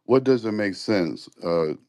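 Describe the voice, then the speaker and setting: A man from Detroit calling in to a debate show, calm and measured as he argues his point. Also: lowish voice. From Detroit, USA. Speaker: caller. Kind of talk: call-in debate.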